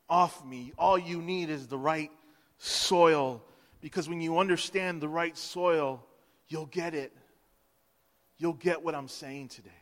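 Male pastor, high-pitched, impassioned sermon delivery, long hall reverb. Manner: impassioned, swings from hushed to loud, acts out quotes. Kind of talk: Easter sermon.

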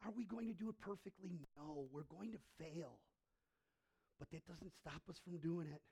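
A man serving as church pastor gives a sermon, narrating dramatically and shifting from booming, emphatic passages to hushed ones. He speaks at a normal speed in a somewhat high, slightly rough voice.

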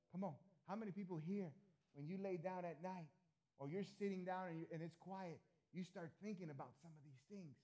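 A man preaching a sermon as pastor, swinging between loud emphasis and hushed asides, often repeating and restarting words. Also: fairly high pitch, normal speed.

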